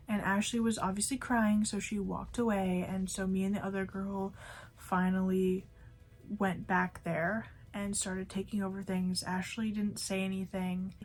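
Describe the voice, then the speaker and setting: A young woman talks straight to camera in a relaxed storytime vlog. Her speech is chatty and loose, full of fillers, and she tells the story as casual recollection. Her voice sits at an everyday middle pitch. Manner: chatty, lots of "like" and "you know" fillers. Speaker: vlogger; fast food worker.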